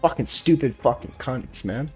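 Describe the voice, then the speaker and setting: A man's voice: mid-range voice, moderate pace, a little mellow, faint music behind. A man from Canada giving blunt, swear-heavy reaction commentary, ranting casually. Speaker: reaction streamer.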